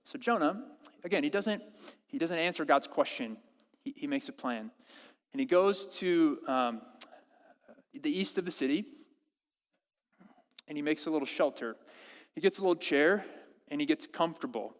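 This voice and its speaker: A man delivers a sermon at a church service with lively energy. His voice sits on the higher side for a man. He often stumbles and restarts while acting out quoted prayers, and a long reverb trails his words through the hall. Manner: animated, acts out quoted prayers with halting restarts. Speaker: pastor.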